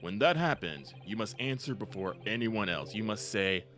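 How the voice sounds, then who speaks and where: A man voicing an elderly, formal male forensic professor in a video game, in a slightly gravelly, measured voice. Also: on the low side, animated, fairly bright tone. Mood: solemn.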